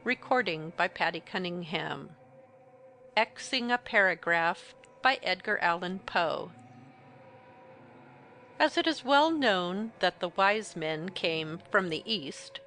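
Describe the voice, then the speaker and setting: A woman reading a classic story aloud as an audiobook narrator, in a clear, even way. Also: fairly low pitch, slight background noise. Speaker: audiobook reader. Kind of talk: scripted narration.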